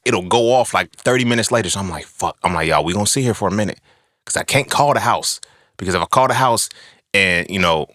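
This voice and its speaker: Speaking on the low side, a young man who hosts a podcast recounts something that happened to him, swearing freely and voicing the other people in the story with lively energy. The audio is clean studio quality with no echo.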